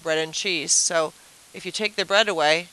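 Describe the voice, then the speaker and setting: A woman teacher runs a casual review lesson at the whiteboard, her voice bright and clear. She keeps throwing questions at the class and explains with playful everyday comparisons. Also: lowish voice, moderate pace, poor audio. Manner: chatty, asks the class rhetorical questions.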